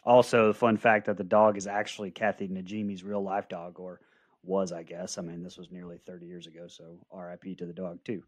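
A man's voice: deep voice, flat delivery, fairly quick, dry recording. Joking man chatting about a film. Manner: joking, rambling, lots of "um" and asides. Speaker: podcast co-host. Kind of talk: casual film-commentary chat.

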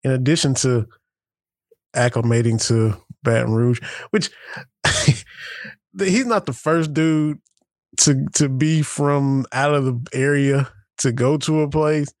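A man's voice: mid-range voice, slow, long pauses, no room sound, studio quality. A middle-aged man from southeastern Kentucky, joking through casual sports chat as a podcast co-host. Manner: laughs often, folksy and joking.

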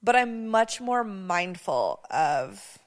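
A woman's voice: medium pitch, sing-song, slow, in a large hall. A woman co-hosting a casual podcast, chatty and teasing, laughing easily as she tells stories. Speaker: podcast co-host. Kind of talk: casual chat.

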